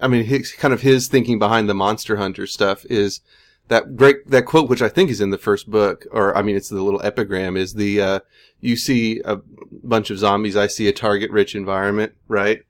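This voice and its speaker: A man's voice: fairly low pitch, steady tone, a little fast. A man hosting a podcast, reading formal guest introductions and then asking loose, searching questions. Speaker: podcast host.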